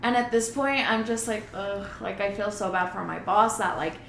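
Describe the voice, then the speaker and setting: Loud young woman, roomy podcast sound. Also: mid-range voice, brisk, creaky, slight background noise. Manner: loud, animated storytelling, mixing English and Spanish. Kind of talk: casual chat.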